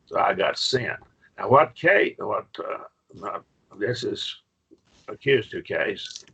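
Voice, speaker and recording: A man's voice: lowish voice, animated, slow pace, creaky, a bit bright, husky. A man teaching a Greek grammar class online, patient and questioning, with frequent okays.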